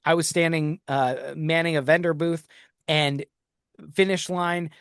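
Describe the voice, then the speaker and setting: A podcast host with a fairly high, slightly bright, clean-toned voice speaks at a measured pace with fairly even intonation, recorded with clean studio sound and no room noise. He tells reflective stories conversationally and often restarts his sentences.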